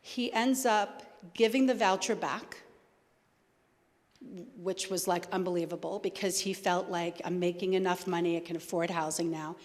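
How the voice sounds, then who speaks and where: Guest speaker, woman, New Jersey accent, quick and conversational, in a reverberant hall. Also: lowish voice, steady tone. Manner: fast-talking, conversational. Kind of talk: talk with audience questions. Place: church hall.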